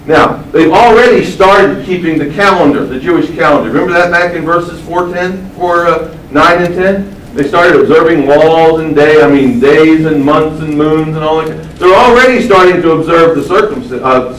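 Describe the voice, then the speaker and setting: A man preaching a sermon. He stresses key words by slowing down and asks the audience questions. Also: a little high, slight background noise. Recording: echoey room, mic at a distance.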